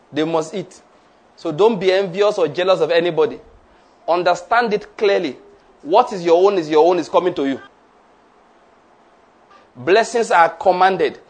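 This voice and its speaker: A male preacher delivering a sermon, leading the congregation in repeated declarations. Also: high voice. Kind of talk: sermon with call-and-response.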